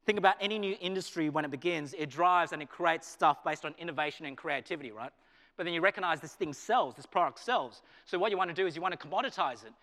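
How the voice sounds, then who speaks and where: A man with an Australian accent, a pastor who teaches business, preaching a sermon. His delivery swings between loud emphasis and quiet, low asides. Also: quick pace. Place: chapel hall. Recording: reverberant chapel hall.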